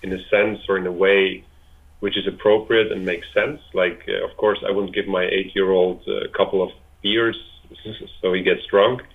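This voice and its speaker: A man's voice: low voice, level tone, moderate pace, gravelly. A man in his twenties from Switzerland, a guest chatting casually in an interview, hesitant with many fillers and restarts. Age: 20s. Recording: tinny phone-like line.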